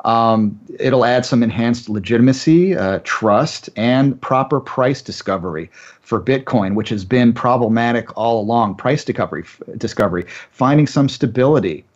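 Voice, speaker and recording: A man's voice: medium pitch, moderate pace, highs cut off. A man as a guest analyst on a finance radio show, talking in a chatty way with many uh fillers and giving confident opinions.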